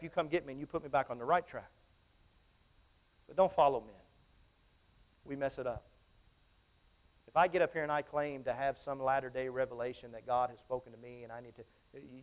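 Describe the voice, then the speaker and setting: A man preaching a sermon to his congregation in church, emphatic and repetitive, often asking them questions. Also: mid-range voice. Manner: emphatic, repeats phrases, asks the congregation questions.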